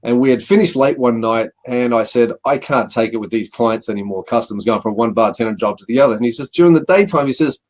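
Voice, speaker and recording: Talking fast with hardly a pause, a middle-aged Australian guest spins rambling anecdotes about his job in a medium-pitched, darkish voice. It's casual interview storytelling, with acted-out quotes and a steady stream of "he says".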